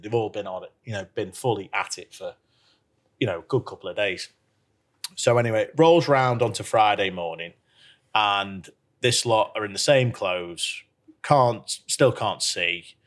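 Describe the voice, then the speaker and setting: A man, a professional golfer, telling an anecdote in a podcast chat, laughing as he acts out what others said. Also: fairly low pitch. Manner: laughs through his stories, acts out quotes. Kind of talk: anecdotal storytelling.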